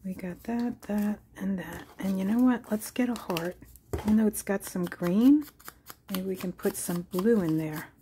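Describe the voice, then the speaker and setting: A woman with a warm, mellow voice talks slowly through a crafting tutorial, thinking aloud as she goes. Now and then she slips into a soft whisper. A faint hiss sits under the recording. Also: medium pitch. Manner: unhurried, musing aloud while working, drifts into soft whispers. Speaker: crafting channel host. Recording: faint background noise.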